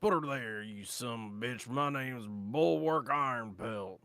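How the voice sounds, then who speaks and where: A man voicing a blunt, crude frontier warrior who talks in a slow, folksy drawl. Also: medium pitch, a bit bright, no room sound, clean studio sound. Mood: grateful.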